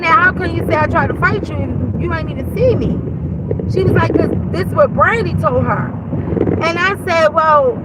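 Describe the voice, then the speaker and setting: A woman hosting a casual monologue, retelling an argument bluntly and with heavy profanity. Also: high-pitched. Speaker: host. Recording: noisy background.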